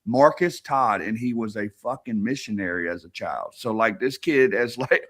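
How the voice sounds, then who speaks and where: On a podcast, a guest tells rambling war stories in a casual way, swearing constantly and laughing as he goes. His voice sits on the low side, with a fairly bright tone and a moderate pace.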